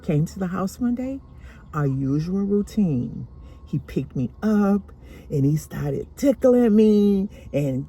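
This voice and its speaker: A woman slowly and deliberately telling a painful personal story from her childhood. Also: on the low side, lively intonation, dark tone, slightly rough. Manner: slow, deliberate, emotional retelling.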